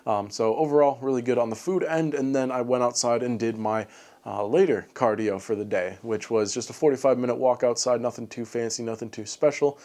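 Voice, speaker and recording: A fitness vlogger with a medium-pitched, darkish voice and fairly even intonation recaps his day in a casual late-night vlog. Talking a little fast, he rambles with plenty of fillers and signs off with upbeat encouragement.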